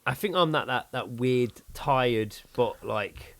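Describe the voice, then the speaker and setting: A man's voice: mid-range voice, slow. A man co-hosting a podcast in casual chat, tired and laughing often. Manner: animated, laughing, self-mocking. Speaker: podcast co-host.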